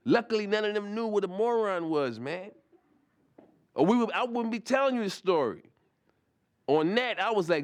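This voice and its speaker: A man's voice: high-pitched, lively intonation, moderate pace. A man telling a comic anecdote in a rambling, profane way, full of restarts and asides. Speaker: comic storyteller.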